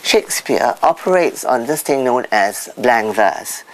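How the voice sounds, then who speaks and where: A man answering interview questions as an expert guest, teaching word stress by sounding out examples, with lively pitch swings. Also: a little slow, slight background noise, low-quality recording.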